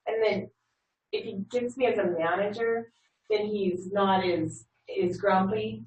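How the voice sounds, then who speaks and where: A woman who manages a call center, telling a workshop group about a difficult customer in a lively storytelling manner. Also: mid-range voice. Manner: animated retelling, acts out a caller's voice. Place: training room. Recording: echoey room, distant mic, faint hum.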